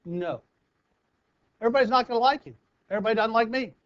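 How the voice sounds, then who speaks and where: A high-pitched American man coaching performers in a motivational talk, bouncing into little acted-out scenes as he tells stories. The sound is dry and close, a bit muffled and lo-fi. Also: rapid-fire, dry recording. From United States. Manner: animated storyteller acting out scenes.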